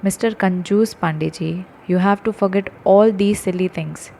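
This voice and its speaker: A woman's voice: mid-range voice, normal speed, gravelly, dark tone, slight background noise, lightly acted. A woman reading as a bossy, teasing fiancée. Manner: playful, giving orders.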